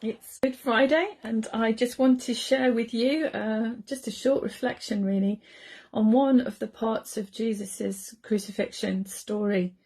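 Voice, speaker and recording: A woman with an English accent, a church minister sharing a gentle, heartfelt Good Friday reflection in a conversational way. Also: on the high side, fairly even intonation, a little slow.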